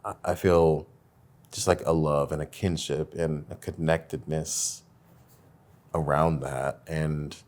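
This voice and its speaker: A young adult man hosting a podcast, talking in a reflective, soft-spoken, heartfelt way. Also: rumbling low, fairly even intonation, slow pace. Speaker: podcast host. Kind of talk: casual heartfelt conversation.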